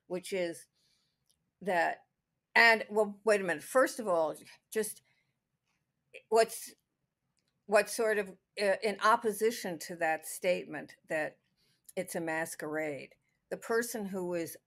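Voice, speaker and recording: A woman's voice: on the low side, a bit bright. A woman co-hosting a podcast, talking through a classic film in a casual, thinking-aloud way with many restarts. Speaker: podcast co-host.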